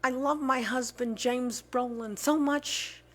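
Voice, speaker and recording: A woman's voice: high voice, slow, fairly bright tone, heavily acted. A woman doing a verklempt diva singer. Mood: emotional. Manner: emotional, breathless, breaks into song. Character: dramatic emotional diva singer.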